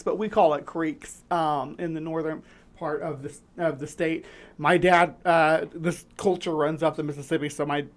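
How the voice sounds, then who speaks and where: A woman hosting a casual livestream chat, rambling and restarting her sentences with lots of fillers. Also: on the low side. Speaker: livestream host.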